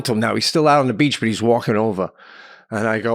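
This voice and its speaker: A middle-aged man telling a story in casual chat on a podcast, swearing and acting out the yelling in it. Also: mid-range voice, fast, dry recording, studio quality. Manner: animated, swears a lot, acts out yelling in his stories. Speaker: podcast co-host.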